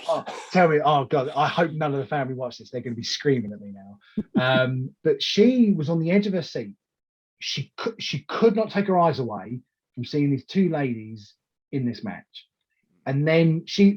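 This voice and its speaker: A man in casual interview chat as a wrestling promoter, telling animated stories full of restarts and acted-out quotes. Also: mid-range voice, slightly rough, muffled recording. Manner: animated storyteller who acts out quoted lines, with many restarts.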